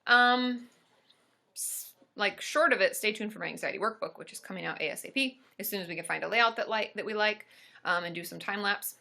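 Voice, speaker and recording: A woman therapist hosting a casual live stream, chatting upbeat and answering viewer questions with lots of quick asides. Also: medium pitch, vocal fry, bright, forceful tone.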